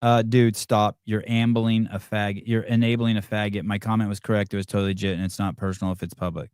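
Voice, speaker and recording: A man's voice: on the low side, little pitch movement, quick pace, darkish tone, smooth, dry recording, studio quality. A man hosting a livestream podcast, swearing heavily and mocking a caller in a combative rant. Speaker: podcast host. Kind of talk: heated livestream chat.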